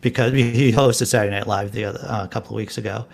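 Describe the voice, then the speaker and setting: A man with a lowish voice co-hosts a casual live-stream chat. He tells long, rambling stories and often restarts his sentences midway. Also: steady tone, very fast, creaky. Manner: rambling storyteller, frequent restarts. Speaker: co-host.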